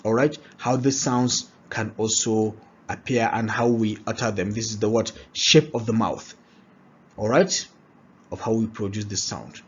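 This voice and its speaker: Slow, husky man teaching pronunciation. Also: lowish voice. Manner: repeats words slowly, checks in with "all right?". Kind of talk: slow, drilled pronunciation lesson. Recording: dull lo-fi recording.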